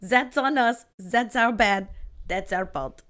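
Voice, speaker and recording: A woman's voice: a little high, slow, a bit bright. A woman putting on a mock French accent to voice an earnest, pompous medieval male lawyer.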